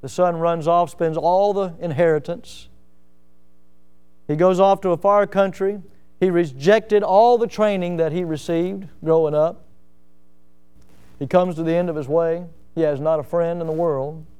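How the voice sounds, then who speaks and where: A man's voice: fairly high pitch, fairly even intonation, measured pace, mellow, clear, resonant tone. A male pastor preaching a sermon, telling stories and building to emphatic, rising passages.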